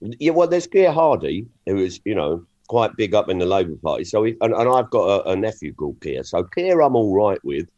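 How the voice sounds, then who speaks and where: A middle-aged comedian telling a story in a lowish voice. His pitch swings widely as he acts out quoted exchanges. He talks in a loose, animated way, often restarting his sentences. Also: a little fast, highs cut off. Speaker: comedian guest. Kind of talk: casual chat, storytelling.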